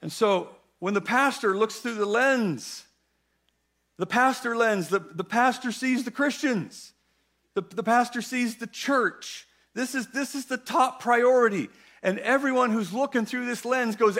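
A man preaching a sermon in a church, animated and playful, with emphatic, sudden loud bursts. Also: extremely high pitch, a little slow. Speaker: guest preacher.

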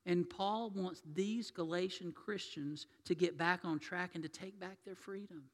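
A man preaching a sermon as pastor, telling stories and swinging between loud and hushed delivery. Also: high-pitched, fairly even intonation, unhurried. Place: church sanctuary. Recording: long reverb of a church hall.

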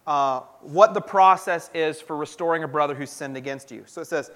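A man with a notably high voice delivers a sermon as a pastor. He talks in an earnest, conversational way and often circles back to restart his sentences. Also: a little fast, fairly bright tone.

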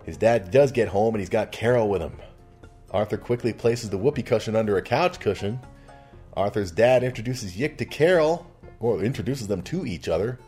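A man's voice: fairly low pitch, lively intonation, normal speed, mellow, soft background music. Chatty man recapping a show. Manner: chatty, laughs often, side comments. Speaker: podcast host recapping a TV show. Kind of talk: casual episode recap.

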